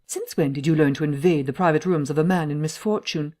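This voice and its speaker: A woman's voice: sits low, fairly even intonation, fairly quick, warm tone, close to an everyday voice. A woman voicing a menacing invisible man. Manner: cold, threatening.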